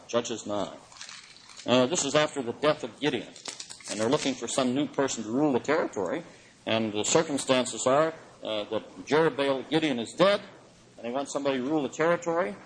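A man giving a lecture on the Bible in an animated way, chuckling often and swinging his pitch for emphasis. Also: a little hiss or hum, rough recording. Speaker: Bible teacher.

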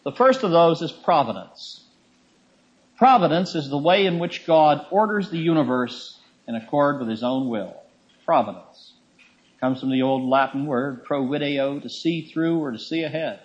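A man's voice: a little high, normal speed, breathy edge. A man in his fifties preaching a sermon in a conversational teaching manner, repeating key phrases for emphasis. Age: 50s. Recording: dull lo-fi recording.

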